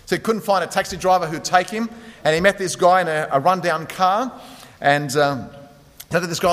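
A man's voice: high-pitched, a little fast, fairly bright tone, in a large hall. A man preaching a sermon, telling stories in a conversational way with frequent fillers. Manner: conversational storytelling, many fillers. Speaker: pastor.

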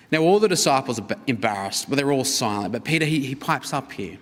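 A man preaching a sermon as a pastor, in an earnest, expressive manner that swings between emphatic and hushed. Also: medium pitch, fairly quick. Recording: reverberant hall.

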